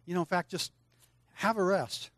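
A man's voice: high voice, moderate pace, dry recording. An older man preaching to children in a church service, coaxing them to join in and answer aloud. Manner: lively, coaxing, speaks straight to children. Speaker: preacher leading a children's lesson. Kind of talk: sermon with audience participation.

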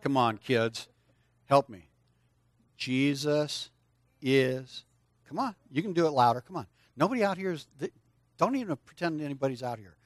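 A man's voice: on the high side, quick pace, dry recording, studio quality. An older man preaching to children in a church service, coaxing them to join in and answer aloud. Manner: lively, coaxing, speaks straight to children. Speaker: preacher leading a children's lesson. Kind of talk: sermon with audience participation.

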